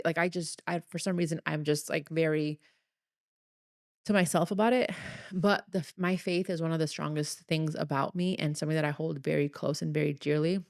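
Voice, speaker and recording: A woman's voice: sits low, no echo, clean studio sound. A young woman hosting a solo podcast, telling a personal story in an earnest, chatty, confessional way. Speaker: podcast host.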